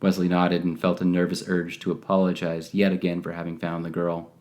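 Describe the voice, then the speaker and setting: A man narrating a scripted audio drama in a measured, even storytelling manner. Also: low-pitched. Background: guitar music.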